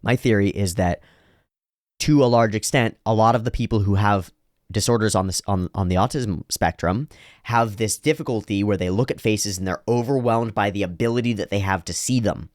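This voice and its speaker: Low-voiced man musing aloud. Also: no room sound, studio quality. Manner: rambling, thinking aloud with restarts; drops into slow exaggerated voices for quoted lines. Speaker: anime reaction host. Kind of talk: reflective commentary.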